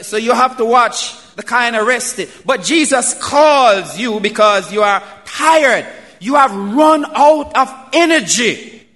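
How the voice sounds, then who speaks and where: A man preaching a sermon, slow and emphatic, building to loud calls. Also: sits high. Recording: reverberant hall.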